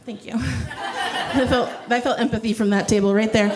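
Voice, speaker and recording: A woman's voice: a little high, fairly even intonation, fairly quick, hardly any pauses, low-quality recording. A young woman doing stand-up on a club stage, wry and self-deprecating, sliding into a mock slam-poetry delivery. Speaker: stand-up comedian. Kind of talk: stand-up comedy.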